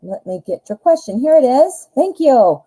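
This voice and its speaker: A woman's voice: high-pitched, sing-song, moderate pace, mellow, breathy edge, poor audio. A woman in her forties hosting a live tarot reading stream, chatting casually with fillers and self-corrections as she thinks aloud.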